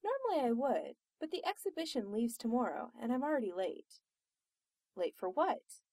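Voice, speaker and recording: A woman reading aloud, voicing a composed, posh young woman with a dry, calm delivery. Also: fairly high pitch, normal speed, no room sound. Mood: cool. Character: cool, posh, unflappable young woman adventurer.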